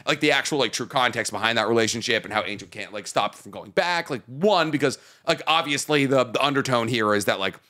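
A man's voice: medium pitch, fairly quick, few pauses, bright, forceful tone. A young man co-hosting a casual podcast, rambling with lots of fillers and free swearing. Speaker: podcast co-host.

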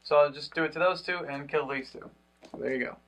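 A man's voice: on the high side, fast, a bit bright. A man playing a dice game on a review show, thinking aloud hesitantly. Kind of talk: casual play-through chat.

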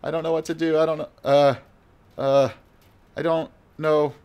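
A man's voice: a little high, level tone, moderate pace, darkish tone, clear, resonant tone. A man giving live gameplay commentary in a rambling, flustered, self-mocking way. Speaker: gamer.

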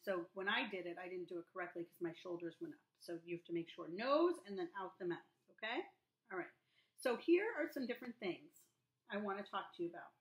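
A woman teaching young children, sounding out words slowly and repeating them in a sing-song way. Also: lowish voice, lively intonation, roomy sound. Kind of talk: remote lesson for young children.

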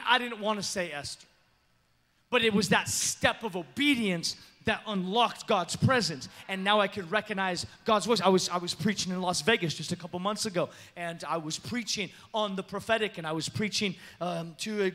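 A pastor preaching a story-driven sermon in a church, lively and animated, acting out the people he quotes and laughing as he goes. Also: high-pitched. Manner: animated, acts out quoted voices, laughs often. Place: church sanctuary.

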